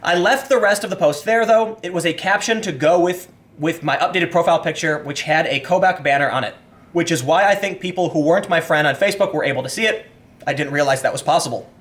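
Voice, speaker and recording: A young man with a high-pitched voice delivers an opinionated commentary monologue. He talks in an animated way, slipping into the voices of the people in his stories, and reads news quotes aloud between his remarks. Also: quick pace. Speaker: commentary host.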